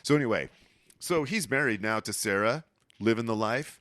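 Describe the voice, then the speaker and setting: Podcast guy telling a story, lively swingy pitch, cussing, dry close sound. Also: no echo. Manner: animated, profane, acts out characters in quick asides. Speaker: podcast host. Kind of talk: casual storytelling chat.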